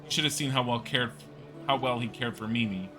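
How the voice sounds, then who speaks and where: A man's voice: medium pitch, brisk, music in the background, lightly acted. Man reading as a shaken townswoman witness. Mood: distressed. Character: upset middle-aged townswoman witness. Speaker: streamer.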